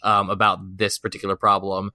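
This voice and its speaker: A man's voice: on the low side, monotone, fairly quick, sharp tone, no echo, clean studio sound. A man co-hosting a gaming podcast in casual chat, speaking hesitantly with frequent restarts. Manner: hesitant, restarts often, with fillers. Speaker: podcast co-host.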